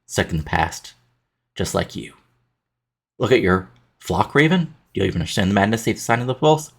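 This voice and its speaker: A man voicing a grim, defiant wrestler who speaks in a low, gravelly, husky tone and delivers every line flatly, as though reading a script. It sounds like a game's story scene read aloud. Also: full character voice.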